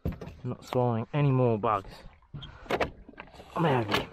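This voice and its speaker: A young man, a fishing vlogger, chatting to his camera outdoors by the water, excitable and swearing as he mutters to himself. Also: mid-range voice, unhurried, heavy background noise. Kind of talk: casual running commentary to camera.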